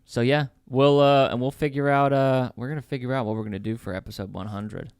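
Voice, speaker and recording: A man's voice: medium pitch, fairly even intonation, brisk, darkish tone, clear, resonant tone, no room sound, clean studio sound. A man co-hosting a film podcast in casual chat, laid-back and a bit hesitant. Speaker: podcast co-host.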